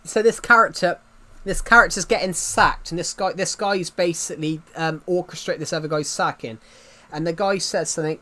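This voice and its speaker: A man's voice: fairly high pitch, normal speed, few pauses, bright, forceful tone. A man chatting casually on a livestream, rambling and often restarting his sentences. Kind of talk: casual stream chat.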